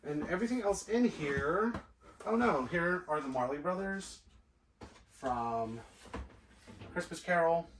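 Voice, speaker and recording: A man's voice: fairly high pitch, expressive, slight background noise. A man sorting through boxes of toys and chatting casually to himself as he unpacks. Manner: slow, musing, talks to himself while sorting. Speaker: toy collector vlogger. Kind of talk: casual unboxing chat. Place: cluttered toy room indoors. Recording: echoey room, mic at a distance.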